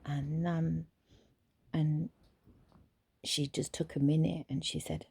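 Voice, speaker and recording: A woman therapist telling a story casually, in a soft, hesitant way with frequent whispered asides. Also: deep voice, level tone, takes it slowly, vocal fry, breathy edge, no echo.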